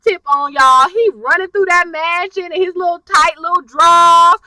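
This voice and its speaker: A woman giving a chatty, animated recap of a TV episode, talking straight to her viewers. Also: very high voice, normal speed, distant mic, slight background noise, low-quality recording. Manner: animated, chatty storytelling, addresses viewers directly. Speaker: TV episode reviewer.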